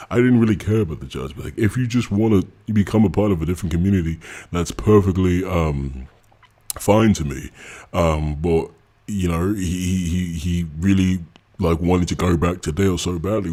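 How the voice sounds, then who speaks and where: A man's voice: low-pitched, warm tone. A man streaming, reading out messages and mocking them with scorn. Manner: mocking, scornful, laughs at what he reads. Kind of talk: ranting commentary reading messages aloud.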